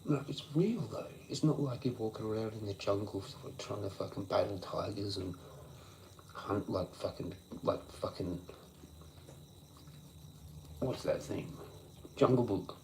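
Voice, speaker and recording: A man's voice: lowish voice, measured pace, vocal fry, pauses often, a little mellow, a little hiss or hum, rough recording. A young man ranting on a livestream, swearing a lot and circling through frustrated philosophical thoughts. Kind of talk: rambling late-night livestream rant.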